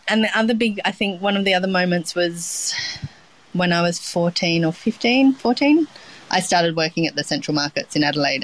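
This middle-aged Australian woman is a chef appearing as an interview guest, speaking casually and rambling with lots of ums and restarts. Her voice is lowish, and the audio quality is poor.

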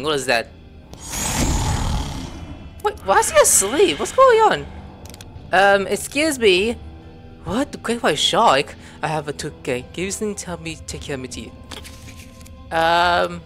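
A man casually commenting on a video game as he plays, muttering his thoughts and then jumping up into startled exclamations. His voice swings widely in pitch. Soft game music plays underneath. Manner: excitable, thinking aloud, sudden surprised outbursts. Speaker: gameplay commentator. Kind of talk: casual let's-play commentary.

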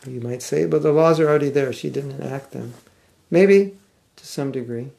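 An older American man with a General American accent giving a scripture class, speaking thoughtfully with some halting restarts and reading passages aloud. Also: medium pitch, gravelly, darkish tone. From United States. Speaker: spiritual teacher. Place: class room.

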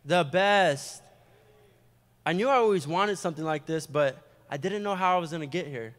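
A young adult man preaching a testimony sermon in a church, animated and storytelling, with quick asides. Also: on the high side. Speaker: guest preacher giving testimony. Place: church sanctuary. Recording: long hall reverb.

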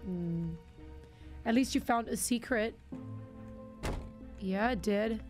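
A woman's voice: medium pitch, slow, over music. A woman streaming a game live, chatting casually to herself and her viewers, joking and teasing as she plays. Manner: chatty, talks to herself and chat, jokes with viewers. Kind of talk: casual gaming commentary. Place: home streaming setup.

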